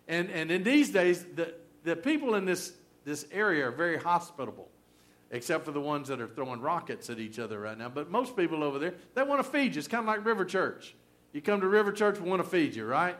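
A middle-aged man, preaching a sermon in a folksy, animated storytelling way with humor. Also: on the high side. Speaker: pastor.

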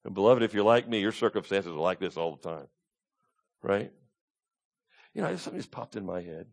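A man's voice: fairly low pitch, animated, brisk, gravelly. A man preaching a sermon as pastor, emphatic, repeating his key points and asking the congregation to call out answers.

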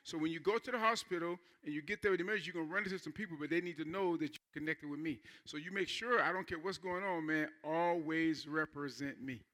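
High, bright-toned conversational preacher man. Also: fast, few pauses. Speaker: pastor. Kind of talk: sermon.

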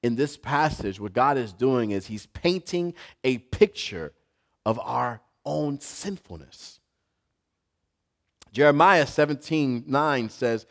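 A male pastor preaching a sermon to a live congregation, building from quiet talk to shouting. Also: medium pitch, expressive, slow pace.

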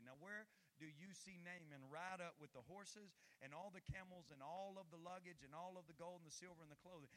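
A man preaching a sermon as pastor, swinging from low, quiet stretches up to loud, heated peaks. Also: fairly quick, few pauses.

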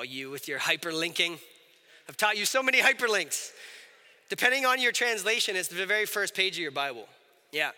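A man's voice: very high-pitched, pushed and bright, big-room sound. A man preaching a conversational sermon, often checking in with his audience and asking them questions. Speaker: pastor.

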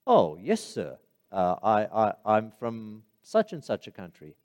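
A man's voice: on the low side, huge pitch swings, measured pace, lo-fi sound. A man voicing a polite, deferential male rideshare driver who keeps calling him sir. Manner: soft-spoken, repeatedly says sir.

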